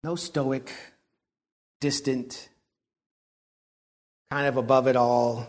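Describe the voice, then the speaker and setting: A man preaching a sermon in an earnest, reflective way, often dropping to a soft hush. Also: medium pitch, steady tone, slow, pauses often.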